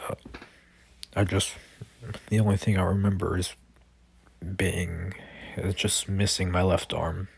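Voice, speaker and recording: A cold young super-soldier with no memory, as a man voices him in his own low tone. He speaks flat, terse and unhurried, in a deep, husky voice. The sound is close and dry. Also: no echo, heavily acted.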